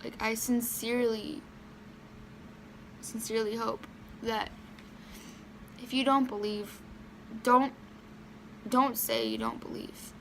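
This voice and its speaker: A young woman vlogging a personal story to camera, halting and emotional, close to tears, with many fillers and restarts. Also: a little high, level tone, creaky, a bit bright, a little hiss or hum.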